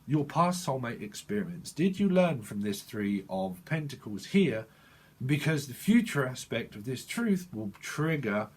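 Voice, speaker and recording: A man's voice: medium pitch, sing-song, unhurried, darkish tone, breathy edge. A man giving a casual tarot reading, rambling, swearing and talking straight to the viewer. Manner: rambling, swears, laughs often, talks to the viewer. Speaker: tarot reader.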